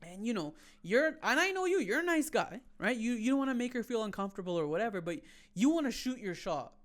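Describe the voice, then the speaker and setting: A woman's voice: fairly high pitch, big pitch swings, fast talker. A woman comedian hosting a casual podcast, spinning playful hypothetical bits. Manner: playful storyteller, building bits.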